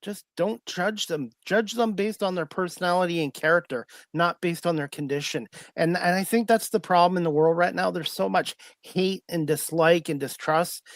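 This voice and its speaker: Earnest man hosting a podcast, a bit high-pitched, halting delivery, dry sound. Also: no echo. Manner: earnest, hesitant, many fillers and repeated words. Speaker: podcast host. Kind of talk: casual interview hosting.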